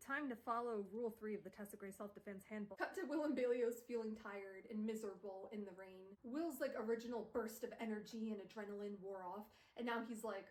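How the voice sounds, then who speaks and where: A woman streamer, recorded on a phone camera, recaps a book in casual chat, gushing emotionally and dropping "like" constantly. Her voice is mid-range at a moderate pace, and the rough recording has a roomy sound.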